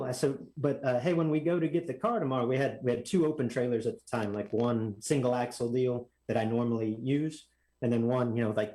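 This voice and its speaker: A man telling a story as a podcast guest, animated and acting out other people's lines in a raised voice. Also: mid-range voice, rough recording. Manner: animated, acts out quotes in raised voice. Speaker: guest drag racer. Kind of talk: casual storytelling.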